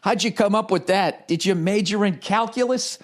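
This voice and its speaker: A middle-aged man and comedian, ranting casually to his listeners with heavy profanity, animated and mocking. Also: high voice, moderate pace. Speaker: comedian and podcast host. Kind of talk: casual rant.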